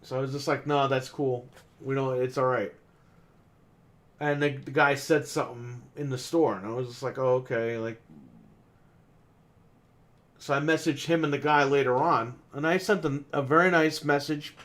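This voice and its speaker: A man's voice: mid-range voice, fairly even intonation, moderate pace, pauses often, fairly bright tone. A man on a podcast telling a long, exasperated story about customers at his game store, swearing often and acting out what people said. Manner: exasperated, swears a lot, acts out quotes. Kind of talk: casual ranting story.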